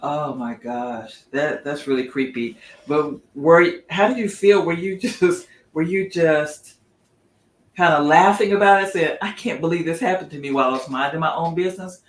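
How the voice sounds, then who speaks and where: A woman's voice: low voice, moderate pace. A middle-aged woman co-hosting a casual chat, reacting with sympathy and asking many questions. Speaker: podcast co-host. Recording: echoey room.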